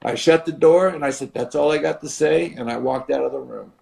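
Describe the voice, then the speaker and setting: Older man telling a lively story. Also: on the high side, a little fast, gravelly. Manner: acts out voices of others in his stories, dramatic shifts in loudness. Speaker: podcast guest, retired wrestler. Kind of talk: animated storytelling.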